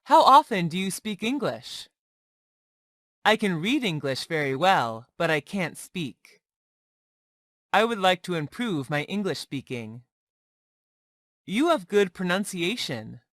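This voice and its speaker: A woman reads learner phrases one by one at an unhurried pace. Her pitch moves a lot between lines. The sound is close and dry, with no room around it. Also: very animated, fairly bright tone, dry recording. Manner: slow, deliberate drill reading, one phrase at a time. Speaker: English teacher. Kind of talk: reading practice phrases for learners.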